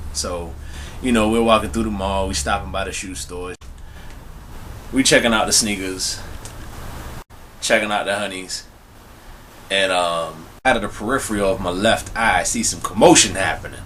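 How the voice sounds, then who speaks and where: A man's voice: fairly low pitch, a bit bright, a little hiss or hum. A young man telling a personal story to his viewers in a laid-back, slangy way, often speaking to them directly. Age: young adult. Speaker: vlogger. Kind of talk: casual storytelling to camera.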